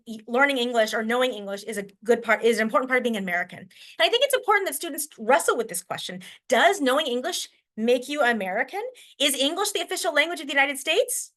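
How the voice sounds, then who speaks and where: A woman teacher from Washington State presents to fellow educators in a quick, bright voice pitched a bit high. She talks in a chatty way, thinking aloud with fillers and restarts. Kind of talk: conference presentation.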